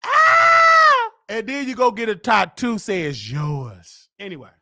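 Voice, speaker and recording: Loud teasing high-voiced male host. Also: sing-song, moderate pace, creaky. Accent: Southern US. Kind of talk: comedic live-stream rant.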